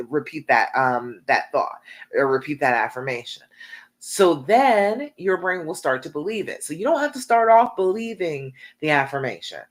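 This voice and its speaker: A woman relationship coach giving a live coaching talk, encouraging and checking in with her listeners again and again. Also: sits low. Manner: encouraging, repeats "okay?" often.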